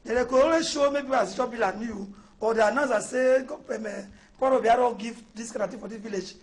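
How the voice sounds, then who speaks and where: A man speaking Cameroonian Pidgin English as a debate panelist, indignant and halting in a heated studio debate. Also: very high voice.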